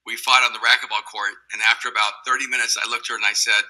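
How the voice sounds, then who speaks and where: A man's voice: medium pitch, little pitch movement, racing, bright, forceful tone, rough recording. A man on an interview, telling stories about meeting his wife in a casual, wry, teasing way and laughing as he goes. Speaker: interview guest. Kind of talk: casual storytelling. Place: interview clip played on a video.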